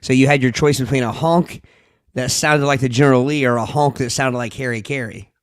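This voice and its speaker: A man's voice: medium pitch, a little fast, dry recording, studio quality. A man co-hosting a podcast, chatting casually and reasoning things out. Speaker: podcast co-host. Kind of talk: casual chat.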